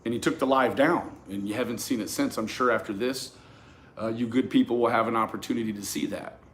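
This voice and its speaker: A man telling a personal story to his viewers in a casual, profane, animated way, often restarting his sentences. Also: medium pitch, a little fast, slight background noise. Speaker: YouTube commentator.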